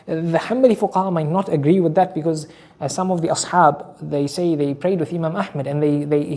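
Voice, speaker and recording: A man's voice: fairly high pitch, warm tone. A man giving a religious lesson, explaining rulings and often repeating his key phrases, with Arabic terms mixed in. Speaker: Islamic teacher.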